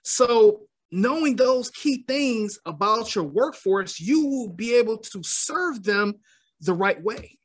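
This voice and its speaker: A man who is a guest on a podcast, speaking as a motivational speaker in a calm, measured, explanatory way and often checking in with "right?". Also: high voice. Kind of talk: podcast interview.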